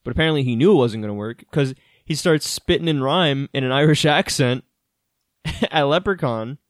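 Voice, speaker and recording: A man co-hosting a podcast, recapping a film in animated casual chat, swearing and laughing often. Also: mid-range voice, moderate pace, no echo, clean studio sound. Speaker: podcast co-host.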